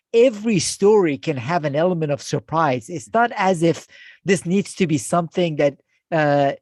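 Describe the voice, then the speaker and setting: A man hosting a leadership podcast, speaking in a measured way with many "uh" fillers. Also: a little high, a little mellow, no echo, clean studio sound. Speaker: podcast host. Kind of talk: podcast interview.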